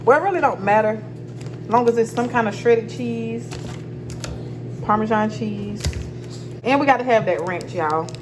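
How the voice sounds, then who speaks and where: A woman's voice: on the high side, moderate pace, long pauses, noisy background. A young woman, chatting casually to viewers as a cooking vlogger. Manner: chatty, addresses viewers as y'all. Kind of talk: casual vlog chat.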